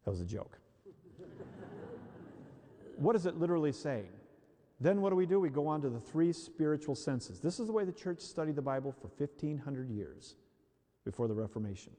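Preacher, male, lively conversational delivery, mellow tone, echo of a large hall. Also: fairly high pitch, normal speed, pauses often. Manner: conversational, acts out quoted voices. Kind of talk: sermon.

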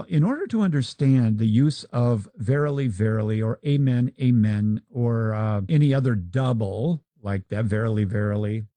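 A man's voice: mid-range voice, warm tone, no room sound. A man teaching about scripture in a conversational, explanatory way with asides and examples.

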